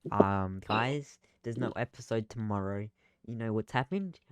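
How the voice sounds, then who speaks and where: A man's voice: fairly low pitch, a little slow, clean tone, dry recording, clean studio sound. A young man co-hosting a casual podcast from his room, jumpy and joking as he reads out scores. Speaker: podcast co-host. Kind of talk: casual chat.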